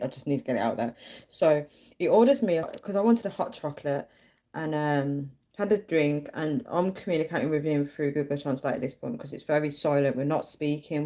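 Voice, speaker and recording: A young woman streaming live shares a personal story with her audience in an easy, chatty manner. Her voice is low and mellow, and she animates the telling by performing the quoted voices of those involved.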